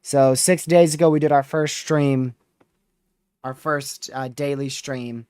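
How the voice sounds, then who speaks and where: An exhausted, yawning storm chaser hosts a weather livestream, rambling through a relaxed recap of the past few days with plenty of fillers. His medium-pitched voice is slow and smooth, captured in a dry, studio-quality recording.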